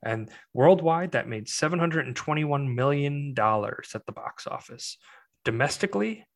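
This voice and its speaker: A man's voice: fairly high pitch, animated, normal speed, gravelly. A young man co-hosting a casual movie podcast, rambling with restarts and dry, exasperated asides. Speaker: podcast co-host.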